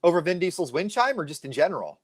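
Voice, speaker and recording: A man co-hosting a casual chat show, animated and jokey, acting out other people's lines as he tells stories. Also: fairly high pitch, fast talker, husky. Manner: animated, jokey, mimics people mid-story. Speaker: co-host.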